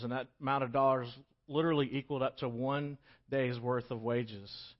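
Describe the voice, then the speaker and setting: A man preaching a sermon, swinging from loud, urgent pleas to quiet, emphatic pauses. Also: medium pitch, fairly even intonation. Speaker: pastor. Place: church hall. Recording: dull, lo-fi recording.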